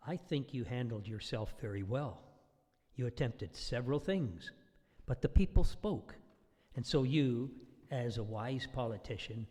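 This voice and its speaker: A man's voice: mid-range voice, mellow, lightly acted. Give me a man playing a soothing defense lawyer in a church hall. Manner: leading, reassuring questions. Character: sympathetic male defense lawyer questioning a witness. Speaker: defense attorney in a church play. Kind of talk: amateur church drama. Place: church sanctuary. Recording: long church hall reverb.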